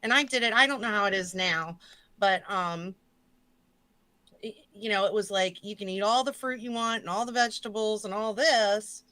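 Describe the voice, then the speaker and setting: A woman hosting a casual live stream, chatting loosely and swearing, with jokey shout-outs to her chat. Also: mid-range voice, moderate pace, no room sound. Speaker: stream host.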